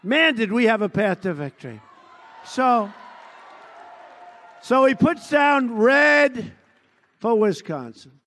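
A man's voice: extremely high pitch, big pitch swings, slow, long pauses, bright, forceful tone. A man giving a boastful, repetitive rally speech, mocking the people he quotes. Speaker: speaker at a political rally. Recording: long reverb of a large hall.

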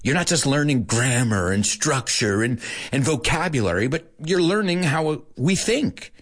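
A man's voice: medium pitch, unhurried, breathy edge. A middle-aged American man hosting a radio show in a playful, chatty way for Spanish-speaking listeners. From United States. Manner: animated, playful, mixes Spanish in. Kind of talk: casual chat to Spanish-speaking learners.

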